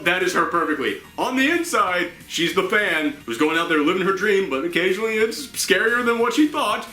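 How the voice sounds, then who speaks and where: Bright, excitable male comic reviewer. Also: fairly high pitch, brisk, few pauses, echoey room, faint music behind. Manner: enthusiastic, acts out quotes in changing voices. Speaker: host. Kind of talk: animated comic book review.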